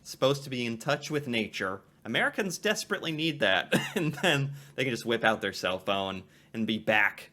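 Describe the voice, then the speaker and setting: Canadian guy reacting to a video, chatty, keeps laughing, bouncy bright voice. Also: medium pitch, lively intonation, moderate pace, hardly any pauses. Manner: chatty, laughs often between remarks. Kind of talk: casual reaction commentary.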